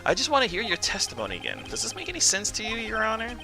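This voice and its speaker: A man's voice: high voice, wildly swooping pitch, rapid-fire, creaky, music in the background, pitched above the performer's own voice, full character voice. A man voicing a proud, stiff male prosecutor in a courtroom game, with pompous phrasing.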